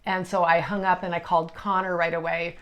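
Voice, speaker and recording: A middle-aged woman speaks in a fairly low voice, recounting a personal story as an energy healer. Her delivery is emotional and halting, full of restarts as she gathers her thoughts. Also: flat delivery, fairly bright tone, muffled recording.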